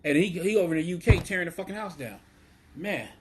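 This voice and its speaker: A man hosting a wrestling show alone, ranting in a rambling, profane, excitable way with lots of fillers. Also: sits high, quick pace, husky. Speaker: wrestling podcast host. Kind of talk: solo casual rant.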